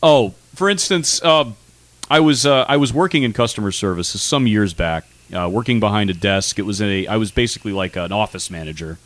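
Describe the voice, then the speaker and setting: A man's voice: lowish voice, fairly quick. A man co-hosting a radio comedy show in a studio, rambling through casual banter and filling his sentences with "uh". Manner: animated and rambling, with frequent fillers.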